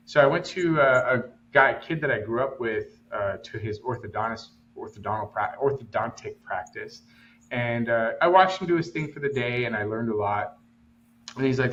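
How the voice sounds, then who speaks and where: A man's voice: mid-range voice, moderate pace, pushed and bright, roomy sound, dull audio, slight background noise. A man from Los Angeles, a podcast co-host, telling a long casual story full of fillers and acted-out quotes. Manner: rambling, many fillers, acts out quotes.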